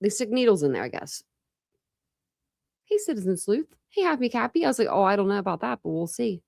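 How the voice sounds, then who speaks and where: A woman's voice: mid-range voice, big pitch swings, a little fast, vocal fry, a little mellow, no echo, clean studio sound. A woman hosting a true crime livestream, chatting casually and greeting viewers by name with lots of fillers. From Ohio, United States.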